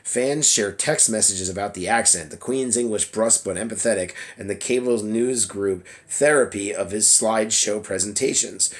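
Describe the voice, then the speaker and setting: A man's voice: lowish voice, moderate pace, hardly any pauses. A man blogging casually about politics from his phone, reading an article aloud in a loose, chatty way with plenty of fillers and self-deprecating laughs. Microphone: phone camera app.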